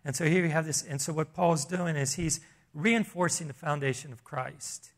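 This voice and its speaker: Man, pastor, church sermon, earnest conversational preaching, somewhat high pitch. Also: moderate pace.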